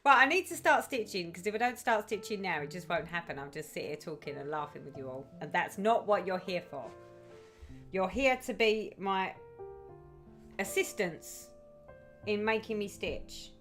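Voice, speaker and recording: A woman's voice: medium pitch, animated, moderate pace, fairly bright tone, soft background music. A woman hosting a casual live stream, chatting and reading out viewers' comments with effusive sympathy.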